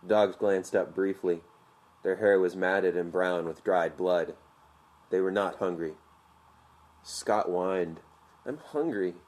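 Guy with a really deep voice reading a story out loud, measured and vivid. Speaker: narrator. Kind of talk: audiobook narration.

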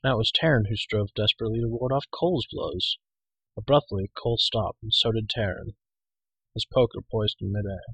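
Male audiobook reader, low and husky, steady and measured. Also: no room sound, rough recording. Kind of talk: audiobook reading.

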